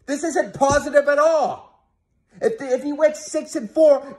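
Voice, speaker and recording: A man's voice: very high-pitched, unhurried, a little mellow. A man ranting angrily and profanely as a sports fan vlogger, talking heatedly to his viewers with frequent restarts. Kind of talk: angry fan rant to camera.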